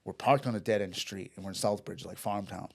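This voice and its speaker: A man's voice: on the low side, a little fast, gravelly, darkish tone. A man telling a story in a casual chat, rambling and profane, with restarts and acted-out dialogue. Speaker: podcast guest.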